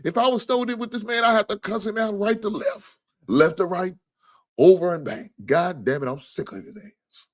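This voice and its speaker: A man's voice: sits high, normal speed. A man hosting a casual sports talk livestream, joking, swearing freely and thanking viewers for donations. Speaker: sports talk show host.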